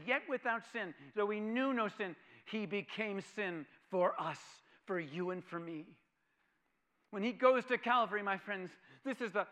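A man preaching a sermon who swings from loud proclamation to a hushed near-whisper, repeating phrases and asking his hearers questions. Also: high voice. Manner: repeats phrases for emphasis and asks the audience questions.

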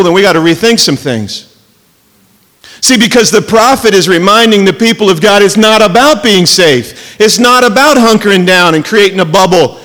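High-voiced man preaching in a reverberant hall. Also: fairly bright tone. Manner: conversational storytelling with jokes and asides; emphatic, slows down to stress key words. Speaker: pastor. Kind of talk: sermon.

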